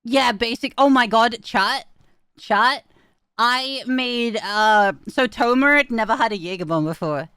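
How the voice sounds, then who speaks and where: A woman's voice: on the high side, measured pace, fairly bright tone, clean tone, dry recording, clean studio sound. A young woman streaming, chatting casually with her viewers, giggling often and swearing freely. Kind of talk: casual chat.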